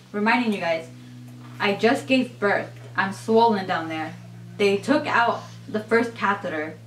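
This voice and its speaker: A young adult woman vlogger telling a personal story in a chatty, animated way, full of "like" and "you guys". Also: medium pitch, recorded from a distance, a little hiss or hum. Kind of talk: casual storytelling to camera. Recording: echoey room.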